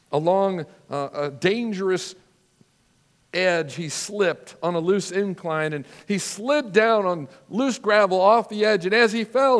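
A man preaching a sermon as a pastor, earnest and measured, telling stories with drama. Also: high-pitched, long reverb tail.

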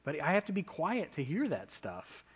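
A man's voice: a little high, huge pitch swings, moderate pace, slightly rough. Man preaching a conversational sermon. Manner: conversational, asks the congregation questions. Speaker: pastor.

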